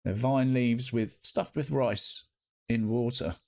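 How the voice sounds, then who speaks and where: A man's voice: medium pitch, takes it slowly, vocal fry. A man, live streaming and chatting casually with his viewers, greeting them by name and swearing freely. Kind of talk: casual chat reading live chat.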